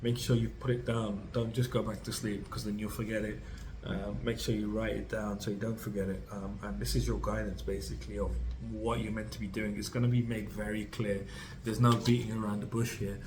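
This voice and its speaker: A man's voice: fairly low pitch, flat delivery, brisk, over music, low-quality recording. A man giving a tarot reading to camera, rambling and reassuring, speaking straight to the listener with many fillers and restarts. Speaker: tarot reader.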